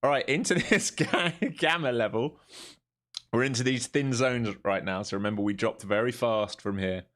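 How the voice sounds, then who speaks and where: A man's voice: medium pitch, a bit bright. An English man live-streaming his futures trading, chatting casually and joking between calls on price levels. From England. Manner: chatty, laughs often, quick jokes between chart calls.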